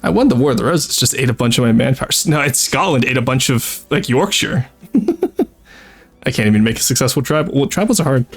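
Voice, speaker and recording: A man's voice: medium pitch, expressive, fairly quick, husky, soft background music. A French Canadian man streaming a strategy game, rambling and chatty, swearing freely and laughing often. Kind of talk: casual live-stream chat with game commentary.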